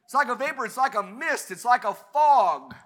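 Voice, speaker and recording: A man's voice: extremely high pitch, expressive, moderate pace, fairly bright tone. A man preaching a sermon at a church service, fervent and building to emphatic peaks.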